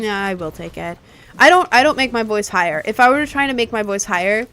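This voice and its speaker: A woman's voice: medium pitch, animated, brisk, a bit bright, clear, resonant tone. A young woman chatting casually on a live stream while playing a game, rambling and answering her chat.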